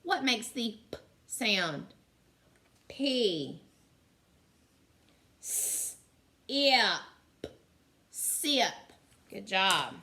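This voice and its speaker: A woman with a medium-pitched voice that swings widely and sounds pushed and bright teaches young children phonics. She sounds out letters slowly and deliberately and praises them often.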